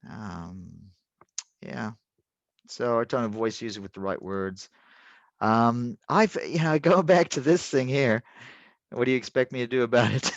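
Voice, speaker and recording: A man's voice: lowish voice, no echo. A man teaching an online class in a rambling, casual way, full of restarts and fillers. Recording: dull, dry lo-fi audio.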